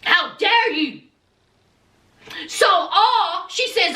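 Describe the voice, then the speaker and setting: A woman's voice: very high voice, very animated, takes it slowly, bright, forceful tone. A woman recapping a reality TV episode for her viewers, sassy and dramatic, calling them honey and y'all. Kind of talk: casual commentary to viewers. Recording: echoey room, mic at a distance.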